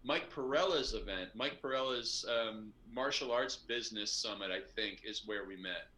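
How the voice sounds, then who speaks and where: A man's voice: fairly low pitch, moderate pace, pushed and bright, low-quality recording. A man with a Canadian accent, an easygoing guest joking on a video call. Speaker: guest coach. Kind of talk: casual video call chat.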